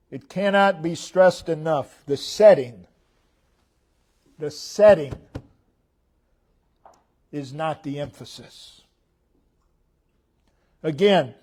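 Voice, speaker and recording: A man with an American accent delivers a sermon in a somewhat high voice. He speaks at an unhurried pace. He repeats short phrases with emphasis, rising loud and falling almost to a murmur. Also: expressive. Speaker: preacher.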